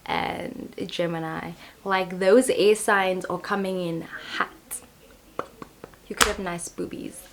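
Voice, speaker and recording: A woman's voice: medium pitch, background noise. A young woman giving a casual, playful tarot reading to the camera, chatting and laughing at herself as she goes. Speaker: tarot reader.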